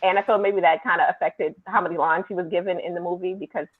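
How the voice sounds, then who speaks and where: A woman's voice: fairly low pitch, fairly even intonation, fast. A woman co-hosting a casual review chat, chatty and full of fillers. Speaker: podcast co-host. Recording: tinny phone-like line.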